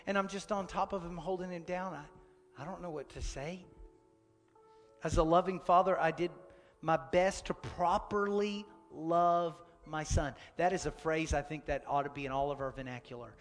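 A man in his thirties preaching a sermon as a pastor, telling a personal story and swinging from loud urgency to a soft, near-whispered hush. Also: fairly high pitch, steady tone, normal speed, big-room sound, faint music behind.

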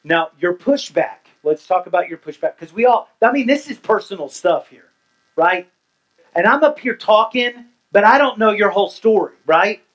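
Pastor guy preaching, high voice, goes quiet then loud, keeps asking the crowd "right?". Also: expressive, normal speed, lo-fi sound. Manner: dynamic preaching, swinging from hushed to loud, asking the congregation questions. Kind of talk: sermon.

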